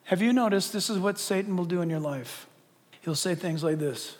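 A man preaching in a very high voice, animated and direct. He presses the congregation with questions. His words ring out with a long reverb through a large church hall. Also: normal speed. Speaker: pastor. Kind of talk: sermon.

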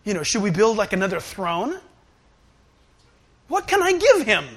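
A man voicing the archangel Gabriel, slow and awed, with a high voice. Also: sing-song, fairly bright tone, heavily acted.

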